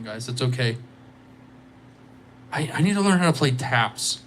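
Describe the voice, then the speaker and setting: A man's voice: mid-range voice, lively intonation, unhurried, fairly bright tone, slight background noise. A tired man rambling and joking with his viewers as he hosts a casual live guitar stream on a microphone. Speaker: livestreaming guitarist.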